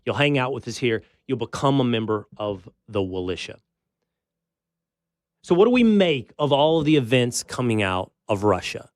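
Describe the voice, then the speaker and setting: A man's voice: mid-range voice, very animated, moderate pace, no room sound, studio quality. A man hosting a talk show, talking in a pointed conversational way as he challenges his guest. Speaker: show host.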